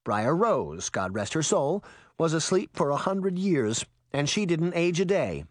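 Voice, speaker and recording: A kindly, practical middle-aged nurse , as a man puts her on, raised a bit above his own voice. She explains things in a matter-of-fact, patient way with a lively lilt. The storybook recording is dry and close. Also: fairly high pitch, measured pace, no echo, pitched above the performer's own voice. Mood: explaining.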